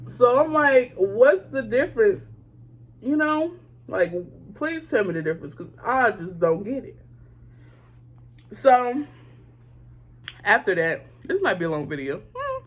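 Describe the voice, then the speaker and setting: A woman doing her makeup on camera while she tells a story. She talks to her viewers directly, in a casual way, and she is blunt, indignant and swears freely. Her voice sits at a middle pitch for a woman. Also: slightly rough. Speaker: beauty vlogger.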